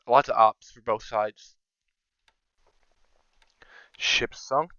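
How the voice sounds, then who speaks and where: A man's voice: medium pitch, fairly even intonation, extremely slow, bright, forceful tone, no echo, dull audio. A man giving casual, think-aloud commentary over his own strategy game, sometimes counting under his breath. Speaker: strategy game video creator.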